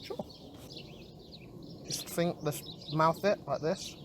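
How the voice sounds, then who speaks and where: With a noisy background in an outdoor garden, a young man hosts a casual vlog stream, slightly high-voiced and slow-paced. He's excitable and talkative, keeps saying "boys" to his viewers, and alternates between mumbling and yelling.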